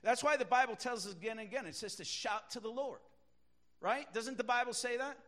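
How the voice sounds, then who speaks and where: A man preaching a sermon as pastor, emphatic, swinging between quiet talk and loud shouts. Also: very high voice, brisk.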